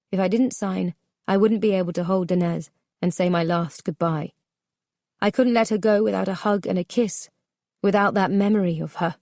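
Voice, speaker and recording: A woman narrating a memoir audiobook in a measured, subdued, somber way. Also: on the low side, warm tone, no echo, studio quality.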